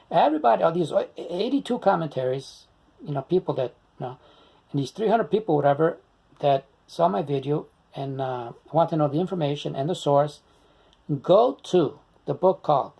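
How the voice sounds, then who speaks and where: Gravelly older Italian American man ranting. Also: a little high, dark tone. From United States. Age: 60s. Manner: rambling, insistent, combative. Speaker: video blogger. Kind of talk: unscripted monologue to camera.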